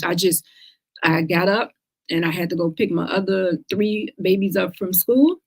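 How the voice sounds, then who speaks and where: A middle-aged woman hosts a casual livestream talk. Her voice sits a little low, and she speaks earnestly, stressing her points by repeating words. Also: steady tone, normal speed. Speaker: host of a cancer talk show.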